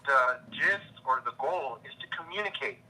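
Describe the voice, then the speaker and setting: A man chatting as a guest on a collecting show, upbeat and quick to give shout-outs. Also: mid-range voice, animated, slight background noise, poor audio. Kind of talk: casual chat.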